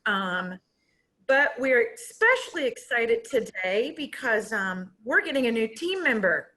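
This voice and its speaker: A woman's voice: a little high, animated, measured pace, pushed and bright. A woman from a company speaking at an online graduation, tearful and gushing, laughing through her tears. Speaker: company representative. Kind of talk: emotional speech at online graduation. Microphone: video call.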